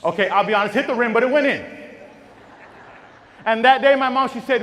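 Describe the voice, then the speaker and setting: High-voiced motivational speaker. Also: male voice, fairly quick, pauses often. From Texas. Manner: call-and-response, shouting chants to the crowd; storytelling, dropping to a hushed voice. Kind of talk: keynote speech to educators. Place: large auditorium. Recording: reverberant hall with audience.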